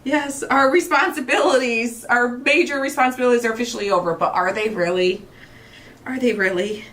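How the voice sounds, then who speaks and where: A woman's voice: a little high, brisk, a bit bright. A woman in her forties hosting a craft show, chatting casually and gushing with emotion. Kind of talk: casual livestream chat while crafting.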